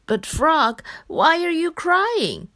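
A woman's voice: very high-pitched, big pitch swings, slow, sharp tone, pitched above the performer's own voice, heavily acted. A woman voicing a cheerful, caring male rat in a storybook, speaking in a coaxing, friendly way. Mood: puzzled, amused.

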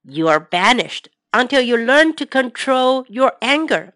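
A stern, kindly farmer from a children's storybook, as a woman reads him aloud, firm and deliberate. He speaks slowly and evenly, with a dry, close sound. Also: a little high, big pitch swings, fairly bright tone, dry recording.

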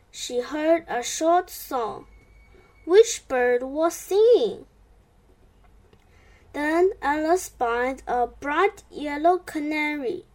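A woman reading a children's storybook aloud as narrator, in a gentle read-aloud manner. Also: sits high.

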